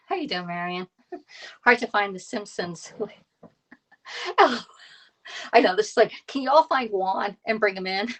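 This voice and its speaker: A woman's voice: mid-range voice, a bit bright. A woman in her thirties from Pennsylvania chatting casually with viewers while cooking on a live stream, laughing often and greeting people by name. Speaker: cooking live-streamer and kitchen tools consultant.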